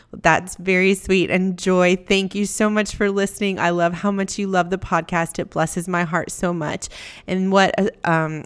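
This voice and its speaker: A woman hosting a podcast, reading listener reviews aloud in a gentle, grateful, upbeat way. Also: lowish voice, clean tone. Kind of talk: warm scripted read-aloud of listener reviews.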